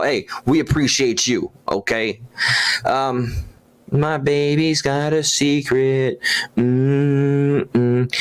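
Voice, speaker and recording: A man hosting a casual livestream, rambling and gushing with halting restarts as he talks to his viewers. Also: medium pitch, a bit bright. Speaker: livestream host.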